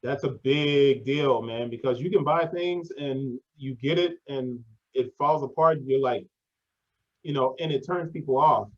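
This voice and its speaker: A man hosting a casual interview, talking in a relaxed, slangy way and often dropping "yo" and "man". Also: mid-range voice, measured pace, muffled recording. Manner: slangy and conversational, says 'yo' and 'man'. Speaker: podcast host.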